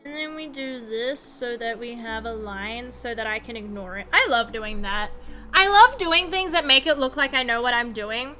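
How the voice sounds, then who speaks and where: A woman's voice: on the high side, lively intonation, normal speed, sharp tone. A young Australian woman streamer rambling through casual, profane, self-mocking chat while she draws. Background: faint background music.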